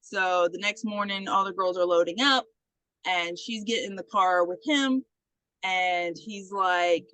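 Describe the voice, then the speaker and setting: Bright-voiced woman recapping a movie. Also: mid-range voice, normal speed, dry recording, low-quality recording. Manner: retells scenes acting out characters, swears freely. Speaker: podcast co-host. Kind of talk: casual movie recap chat.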